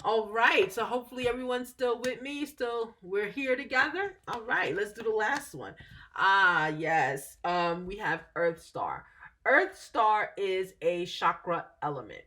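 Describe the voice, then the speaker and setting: Woman chatting thru a spiritual lesson, keeps asking okay?, fixes her words mid-sentence, mid pitch. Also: big pitch swings, measured pace, sharp tone. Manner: chatty, frequent "okay?" check-ins, self-correcting. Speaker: spiritual teacher. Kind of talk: casual explanatory talk.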